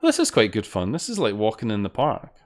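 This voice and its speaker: Guy streaming games, rambly casual chatter, bit of swearing, slightly low voice. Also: wildly swooping pitch, fast. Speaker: streamer playing fangames. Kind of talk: casual gameplay commentary.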